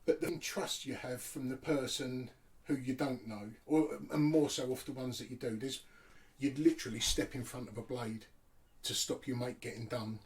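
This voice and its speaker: A man's voice: mid-range voice, fairly even intonation, moderate pace. A man hosting an interview podcast, asking plainspoken questions. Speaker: podcast host. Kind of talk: casual interview. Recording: distant from the mic.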